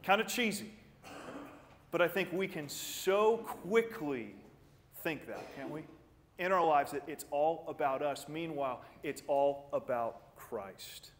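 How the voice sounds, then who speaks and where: Earnest preacher with a higher voice in a reverberant church. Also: male voice, a little hiss or hum. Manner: earnest, animated preaching with quick pitch jumps and quiet drops; repeats words when starting a thought. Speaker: pastor. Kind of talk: sermon. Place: church sanctuary. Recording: church sanctuary with long reverb.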